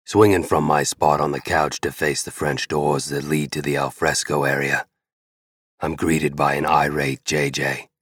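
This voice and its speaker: A man's voice: a bass voice, flat delivery, measured pace, fairly bright tone, husky, dry recording, studio quality. A man narrating a romance audiobook in the first person, blunt and swearing freely.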